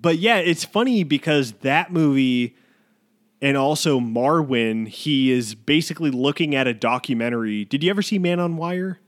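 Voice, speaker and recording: A man's voice: on the high side, expressive, normal speed. Rambling young man chatting casually. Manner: rambling, full of fillers and restarts. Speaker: podcast co-host. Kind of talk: casual film-podcast chat.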